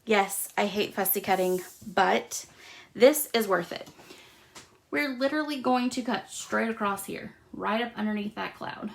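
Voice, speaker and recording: A woman's voice: medium pitch, unhurried, vocal fry. A middle-aged woman hosting a live craft demonstration, chatting casually as she stamps, cuts and explains each step. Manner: chatty, talks while working with hands. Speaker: crafting host.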